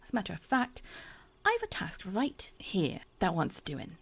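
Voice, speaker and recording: A woman voicing a rough-spoken female chocobo wrangler in a rustic folksy dialect, over game music. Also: mid-range voice, huge pitch swings, a little slow, heavily acted. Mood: welcoming.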